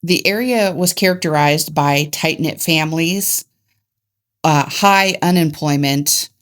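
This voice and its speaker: A woman's voice: sits low, measured pace. A woman from Ohio co-hosting a casual true crime podcast, laughing at her own mix-ups and then reading the case notes plainly. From Ohio, United States. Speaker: podcast co-host.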